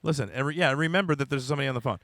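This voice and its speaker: Fast, bright-voiced excitable comic host. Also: male voice, mid-range voice, dry recording. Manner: excitable, talks over others. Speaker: podcast host and stand-up comic. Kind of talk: comedy podcast banter.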